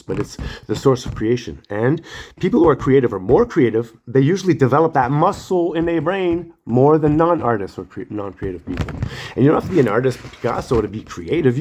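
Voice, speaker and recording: A man's voice: mid-range voice, a little hiss or hum. A man talking in a casual, rambling monologue, acting out quotes, swearing freely and laughing at himself. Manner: animated storytelling, acts out quotes, swears freely; self-deprecating, often apologizes and laughs at himself.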